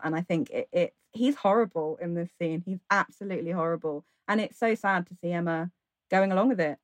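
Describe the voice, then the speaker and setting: A woman's voice: fairly low pitch, fairly quick, no room sound. A woman joins a podcast as a guest and chats eagerly, acting out the characters' inner thoughts. Her voice sounds dry and close to the mic. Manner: enthusiastic, acts out characters' thoughts. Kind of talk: casual chat about a TV adaptation.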